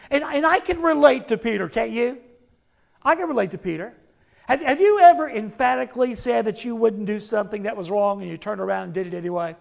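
A man's voice: very high voice, fairly quick, vocal fry. A male pastor preaching a sermon, emphatic, acting out the words of the figures he quotes and putting questions to the congregation.

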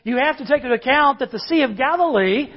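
A preacher voicing a patient boatman in a joke, speaking in a measured way. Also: high voice, lively intonation, slightly rough, highs cut off.

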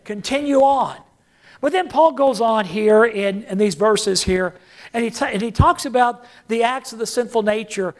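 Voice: medium pitch, moderate pace. A preacher delivering a sermon, repeating key phrases for emphasis and calling on the congregation to say lines back and answer.

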